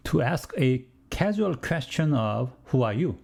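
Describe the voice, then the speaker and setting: A man's voice: medium pitch, very animated, unhurried, creaky, a little mellow. A man giving a scripted language lesson, explaining steadily with the odd joking aside. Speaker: language teacher.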